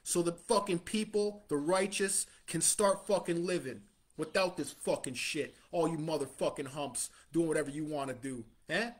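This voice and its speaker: A man's voice: a little high, normal speed. A man giving a profane street-style sermon in a swaggering mobster tough-guy way, blunt and scornful, with heavy swearing. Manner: scornful, blunt, chuckles between lines. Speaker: self-styled preacher.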